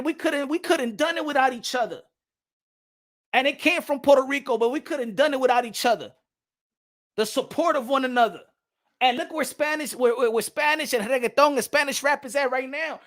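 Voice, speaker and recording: Animated man ranting on a vlog. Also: extremely high pitch. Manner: animated, emphatic, repeats phrases often; laughs between points. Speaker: boxing channel host. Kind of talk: casual vlog commentary.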